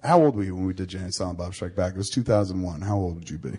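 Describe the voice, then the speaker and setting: A man hosts a loose, casual conversation. His voice is husky and sits fairly low, and he tells long, rambling stories full of swearing. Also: racing, a little mellow. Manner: rambling, profane storytelling. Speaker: podcast host. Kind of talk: casual chat.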